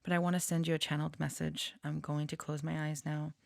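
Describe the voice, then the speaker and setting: A woman channeler talking casually and reflectively at home, often dropping to a soft whisper. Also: low-pitched, little pitch movement, fast talker, creaky, no echo, studio quality. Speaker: channeler and tarot reader. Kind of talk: casual chat with channeled messages.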